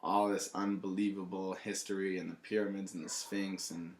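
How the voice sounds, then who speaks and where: A young man with a low voice chats loosely on a podcast, rambling through his stories with lots of fillers. He slips into quick acted-out quotes along the way. The room around him is echoey. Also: little pitch movement. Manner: rambling storyteller, many fillers, acts out quotes. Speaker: guest, restaurant owner. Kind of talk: casual podcast chat.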